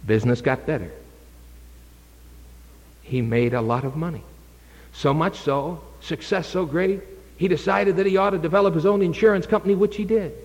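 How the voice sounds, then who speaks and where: A man preaching an urgent evangelistic sermon, dramatic and moving from hushed to loud. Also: on the high side, moderate pace, pauses often, big-room sound, poor audio.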